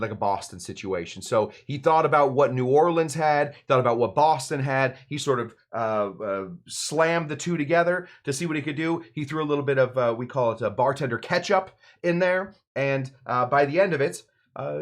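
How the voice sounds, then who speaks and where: A bartender hosting a cocktail show, talking loosely and rambling with lots of fillers and asides while he mixes drinks. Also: a little high. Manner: rambling, loose, full of fillers and side remarks. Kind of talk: casual cocktail-making demonstration.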